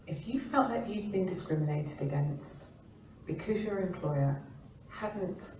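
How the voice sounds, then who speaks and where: A middle-aged woman from the UK, an employment law expert talking informally and acting out quoted remarks in lively voices. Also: on the low side, a little slow, a little hiss or hum. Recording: roomy, distant mic with faint ambience.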